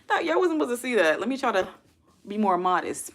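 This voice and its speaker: A young adult woman hosts a casual livestream in a very animated, medium-pitched voice at a normal pace. She chats with her viewers, calls them y'all, and puts questions to her chat.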